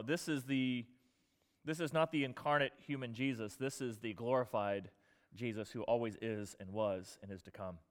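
With casual slang and rhetorical questions, this pastor preaches in a conversational manner, lowering his voice to a hush for the solemn moments. The recording has a big-room sound.

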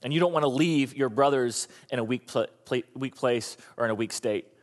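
A man in his thirties preaching a sermon, telling the story with animated, acted-out voices. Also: medium pitch, brisk. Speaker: pastor.

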